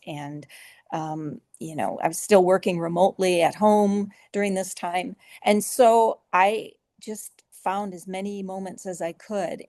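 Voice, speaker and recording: Gravelly-voiced woman author. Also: medium pitch, no echo, studio quality. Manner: earnest, emotional, with soft laughs and filler restarts. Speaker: author guest. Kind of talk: conversational interview storytelling.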